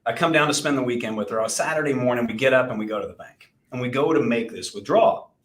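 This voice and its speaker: Talking fast in a mid-range voice, a Texas man in his forties spins a rambling story at his own expense, restarting again and again. He's a podcast co-host who owns an insurance agency, and the casual chat is recorded with a roomy echo.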